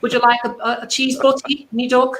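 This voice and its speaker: A man's voice: flat delivery, fairly quick, a bit bright, low-quality recording. A man putting on a Leicester accent, playing a doting little old lady who fusses over a visitor. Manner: high, fluttery, fussing.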